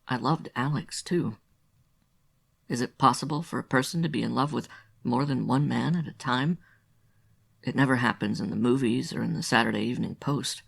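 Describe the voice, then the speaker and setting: A man narrating a literary audiobook with a gravelly, fry-laden voice. He sits at a middling pitch and keeps a measured, confessional storytelling manner. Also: fairly bright tone.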